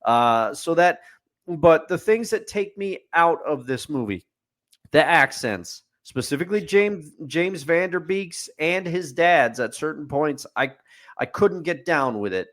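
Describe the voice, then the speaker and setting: A man's voice: a little high, lively intonation, measured pace, fairly bright tone. A man co-hosting a casual sports podcast, opinionated and picking things apart point by point. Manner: opinionated, building lists with a repeated refrain. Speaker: podcast co-host.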